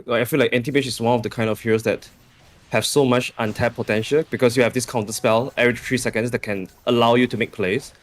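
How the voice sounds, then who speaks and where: A man's voice: medium pitch, steady tone, fast. A man commentating in casual panel chat, reflective and a little tentative. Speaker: esports commentator.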